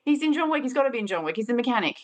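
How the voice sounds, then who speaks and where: A woman's voice: a little high, sing-song, very fast. A woman co-hosting a film podcast, gushing casually and giggling. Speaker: podcast co-host, school teacher.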